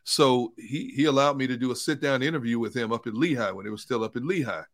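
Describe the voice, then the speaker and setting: A man hosting a sports talk show and telling stories in an animated way. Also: medium pitch, fast talker. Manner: animated storyteller.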